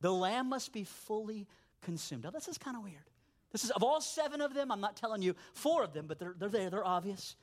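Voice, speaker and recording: A pastor preaches a little fast, telling his sermon's stories with animation, murmuring asides low and pushing his voice up for emphasis.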